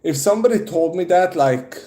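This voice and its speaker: A man's voice: sits high, animated, brisk, dark tone, reverberant. A young man from Serbia chatting casually on a livestream, out of breath after push-ups and swearing often. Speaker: streamer.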